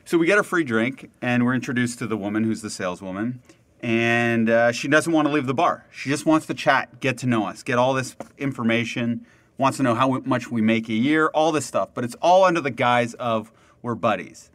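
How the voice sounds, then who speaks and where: A young man on a podcast telling a story in casual chat, animated and laughing often, with many fillers. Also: medium pitch, moderate pace, dry recording.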